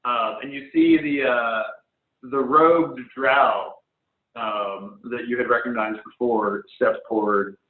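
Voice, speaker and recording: A man's voice: medium pitch, fairly even intonation, takes it slowly. A man running a tabletop game as game master, describing scenes in a hesitant way full of ums, over an online voice call. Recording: phone-like online call audio, echoey room.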